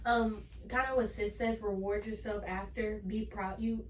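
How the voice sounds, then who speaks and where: Woman, podcast guest, scratchy throat, soft-spoken, hesitant, echoey room, off-mic. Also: medium pitch, flat delivery, moderate pace, recorded from a distance. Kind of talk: casual chat.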